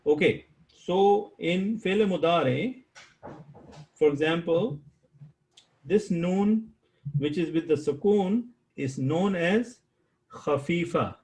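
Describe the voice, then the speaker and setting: A man teaching an online Arabic grammar class over a video call, slow and patient, repeating key terms and quizzing his students. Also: on the high side, darkish tone, poor audio. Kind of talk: live online class lecture.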